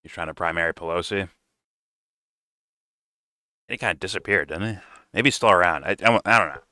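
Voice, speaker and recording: A man's voice: low voice, brisk, sharp tone, no echo, clean studio sound. A man doing casual reaction commentary, blunt and profane, rambling and restarting his sentences. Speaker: reaction streamer.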